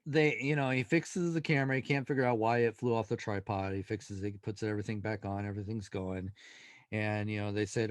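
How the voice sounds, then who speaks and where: A male paranormal investigator, a guest in an interview, telling a story in an animated way and acting out the dialogue. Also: lowish voice, fairly quick, no room sound.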